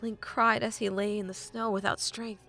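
A woman reading a novel aloud as an audiobook narrator, measured and often dropping to a hushed half-whisper. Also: medium pitch, little pitch movement, faint music behind.

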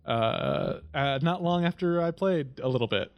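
A man's voice: a little high, very animated, measured pace, gravelly. A man hosting a casual gaming chat, rambling and laughing often, swearing casually.

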